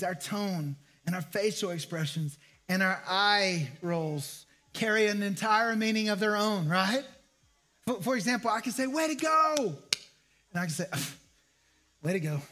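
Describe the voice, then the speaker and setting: Male pastor, high-pitched, conversational sermon delivery, asks the room questions. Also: a bit bright. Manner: conversational preaching with repeated phrases and rhetorical questions.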